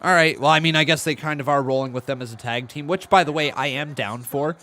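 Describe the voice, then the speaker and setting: A man hosting a casual live stream, reacting to the action, calling moves and counting along excitedly. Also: fairly high pitch, fast. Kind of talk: casual watch-along commentary.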